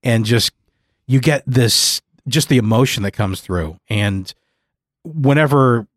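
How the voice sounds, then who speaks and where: A man's voice: mid-range voice, slow, no echo, clean studio sound. A male podcast host talking in an earnest, rambling way, full of fillers. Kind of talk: casual chat. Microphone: studio mic.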